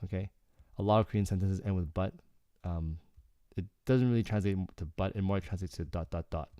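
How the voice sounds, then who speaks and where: Low-voiced man explaining Korean casually. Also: fairly quick, no echo. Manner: relaxed, explanatory, frequent "okay" and "like". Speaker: Korean language teacher. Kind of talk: casual lyrics breakdown lesson.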